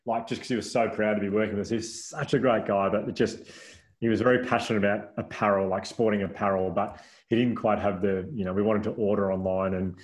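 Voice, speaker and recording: A man's voice: on the low side, fast. A man in his thirties, a podcast guest telling anecdotes in casual chat, laughing often and restarting sentences. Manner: animated storyteller, laughs often, many restarts and "like" fillers.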